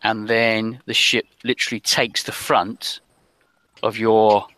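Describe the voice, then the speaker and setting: Male game master, bright tone, hesitant narration with many fillers. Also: on the low side, little pitch movement, slow pace, no echo, low-quality recording.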